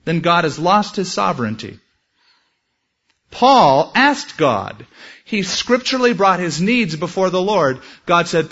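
A man's voice: high voice, very animated, unhurried, fairly bright tone. Earnest preacher man, lo-fi recording. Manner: earnest preaching with quoted prayers and scripture. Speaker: pastor. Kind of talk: sermon. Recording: dull lo-fi sermon recording.

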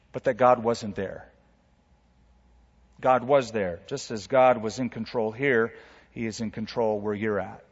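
Emphatic preacher in an echoing hall. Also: male voice. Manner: emphatic preaching, rising loud for dramatic quotes and dropping soft. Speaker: pastor. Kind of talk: sermon. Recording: reverberant hall, dull low-fidelity sound.

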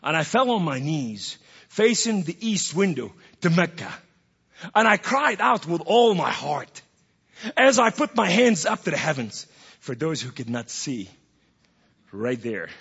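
A man's voice: a little high, big pitch swings, slow, creaky, long pauses, husky. Man preaching in an echoey hall. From Middle East. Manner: theatrical, swings from hushed to loud outbursts. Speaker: guest speaker giving testimony. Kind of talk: dramatic preaching testimony. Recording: dull, echoey hall recording.

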